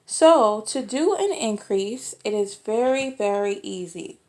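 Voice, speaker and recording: A woman hosting a crochet tutorial, walking through each step patiently and repeating instructions slowly. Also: mid-range voice, animated, a little mellow.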